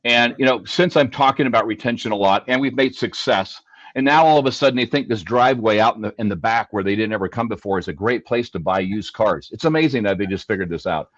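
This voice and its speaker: A man's voice: lowish voice, quick pace, a bit bright, no room sound. A man speaking as a dealership service leader on a panel. He talks emphatically and repeats his key points. The audio sounds dull and dry, with no room around it. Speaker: dealership fixed ops leader. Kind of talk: panel discussion.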